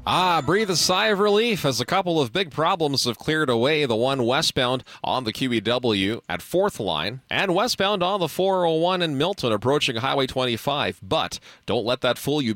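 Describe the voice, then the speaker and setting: A man reads the traffic and a sponsor spot in a brisk, upbeat announcer style. His pitch swings widely and the studio sound is dry. He sounds like a seasoned radio voice. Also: fairly bright tone, dry recording. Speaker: traffic reporter. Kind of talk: radio traffic report and ad read.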